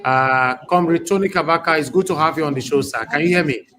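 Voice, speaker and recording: A man's voice: a little high, fast talker, sharp tone. A man hosting a live talk show, courteous with guests and stern with rude commenters. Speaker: host.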